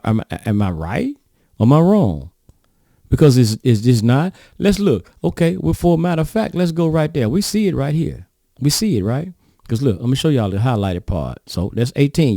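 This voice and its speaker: A man's voice: medium pitch, dark tone, no echo, studio quality. Folksy preacher man asking rhetorical questions. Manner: folksy, rhetorical questioning, addresses audience as y'all. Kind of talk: sermon reading and commenting on scripture.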